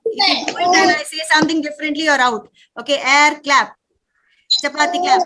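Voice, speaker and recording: Indian woman, 30s, workshop leader; high, sharp voice, calls clap drills to the room. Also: a little hiss or hum. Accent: Indian English. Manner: lively, calls out commands in rapid drills. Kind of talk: live parent workshop, leading clapping games. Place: room with a live audience.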